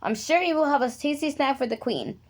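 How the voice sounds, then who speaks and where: A woman's voice: sits high, animated, a little fast, a little mellow, voice pushed up. A woman doing a polite, eager young girl. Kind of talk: storybook reading aloud.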